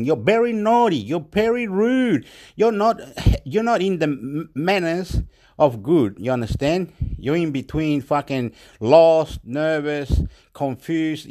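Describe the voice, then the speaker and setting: A man from Chile, talking in a rambling, profane monologue in broken English that jumps between loud and soft. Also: on the high side. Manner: excitable, repetitive, swings loud and soft.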